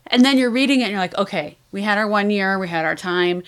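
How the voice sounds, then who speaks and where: A woman co-hosting a podcast in casual chat. She tells her stories with animation and acts out the lines she quotes. Her voice sits at a moderate middle pitch. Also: quick pace, hardly any pauses, smooth. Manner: animated storytelling, acting out quotes. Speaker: podcast co-host.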